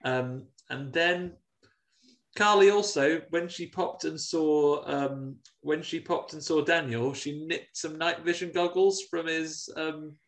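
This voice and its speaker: A man's voice: fairly high pitch, takes it slowly. English Midlands man retelling a film. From England. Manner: animated retelling, acting out characters. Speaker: podcast co-host. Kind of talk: casual film review chat.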